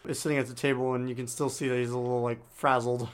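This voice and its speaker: A man's voice: medium pitch, little pitch movement, quick pace. A man co-hosting a podcast, casually retelling a book with lots of fillers. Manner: loose retelling, many fillers. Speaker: podcast co-host.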